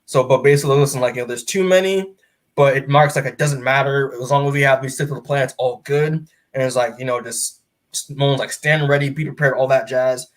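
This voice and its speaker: A man of middle pitch talks through a comic book story for a podcast. He rambles loosely, leaning on fillers and restarts, and slips into quick quoted lines as he retells each scene. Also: steady tone. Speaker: podcast co-host. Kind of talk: casual comic book review chat.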